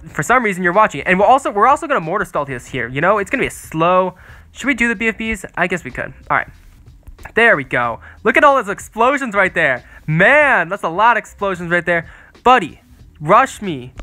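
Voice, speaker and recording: A teenage boy chatting his way through a match in an excitable, playful ramble. His voice sits high and sounds bright and forward, and he keeps calling out to his opponent. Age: teens. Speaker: gaming video creator. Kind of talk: casual gameplay commentary.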